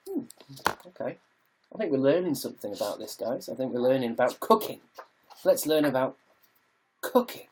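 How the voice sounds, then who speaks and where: Husky, lively British guy chatting. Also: mid-range voice, moderate pace, pauses often. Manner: chatty, sweary, jokey. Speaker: livestreamer reading viewer comments. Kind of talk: casual live-stream chat. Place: at home.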